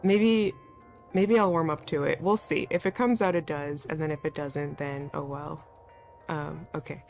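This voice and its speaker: Chatty woman streamer, low-pitched. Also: fairly even intonation, normal speed, creaky, a little mellow. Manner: chatty, laughs often, self-deprecating. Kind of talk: casual let's-play commentary. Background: faint background music.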